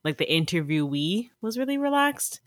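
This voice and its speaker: A woman's voice: fairly low pitch, sing-song, moderate pace, no room sound, clean studio sound. A woman co-hosting a podcast in casual chat, talking loosely with lots of "like" and frequent laughs. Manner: laughs often, chatty with lots of "like". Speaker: podcast co-host.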